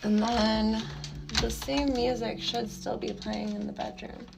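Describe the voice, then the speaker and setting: A woman live streaming from home on a phone held in her hand, cooing affectionately to her pets in casual baby talk, with loud music playing behind her. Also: a little high, little pitch movement, measured pace, creaky, heavy background noise. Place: home, indoors.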